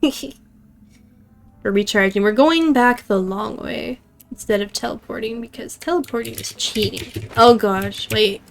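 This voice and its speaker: A woman's voice: a little high, measured pace, gravelly. A woman streaming a game, chatting casually and jokingly with her viewers, often laughing. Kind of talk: casual gameplay chat with chat.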